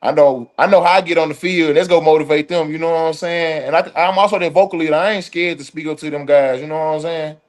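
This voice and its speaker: A young adult Southern man, a college football linebacker, is an easygoing guest in a casual interview. His voice sits a bit high, and he talks fast with few pauses. He's relaxed and says "you know what I'm saying" constantly.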